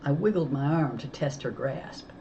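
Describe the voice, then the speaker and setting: A woman reading a children's novel aloud, telling it with lively storytelling. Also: very deep voice, moderate pace, lo-fi sound, slight background noise. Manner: lively storytelling, voicing characters. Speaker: audiobook reader.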